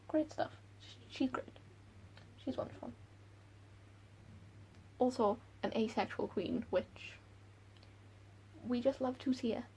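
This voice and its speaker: A woman book vlogger chatting casually and excitably about characters she loves and hates. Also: a little high, creaky, a little hiss or hum, rough recording. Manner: gushing, excitable, quick laughs. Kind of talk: casual chat.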